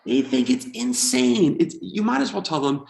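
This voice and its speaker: A man's voice: fairly high pitch, very animated, moderate pace, gravelly, darkish tone, roomy sound. A man in his forties from the United States, doing a wry, self-deprecating stand-up comedy set. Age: 40s.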